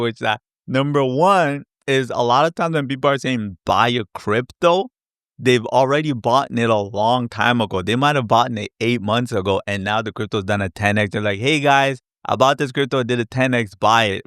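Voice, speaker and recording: A man hosting a casual live Q&A stream, chatty and animated, acting out his past reactions with little sound effects. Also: medium pitch, clean tone, no echo, studio quality. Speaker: crypto educator hosting a live Q&A. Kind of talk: casual livestream chat.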